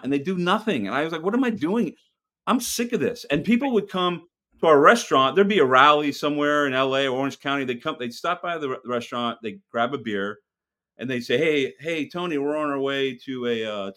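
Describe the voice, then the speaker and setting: A man's voice: medium pitch, fairly quick, pushed and bright. A man who owns a restaurant, talking bluntly and with heat as a podcast guest, swearing now and then. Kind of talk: casual podcast interview.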